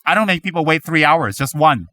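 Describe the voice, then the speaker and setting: Male Buddhist teacher, high bright voice, dry close sound, lively mock-questioning delivery. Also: fairly quick, dry recording. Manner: animated, mimics students with dramatic questions. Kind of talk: dharma teaching talk.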